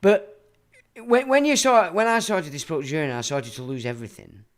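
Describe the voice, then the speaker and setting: A man's voice: fairly high pitch, brisk. A middle-aged man, hosting a livestream and ranting in a blunt, profane, rambling monologue. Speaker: livestream host.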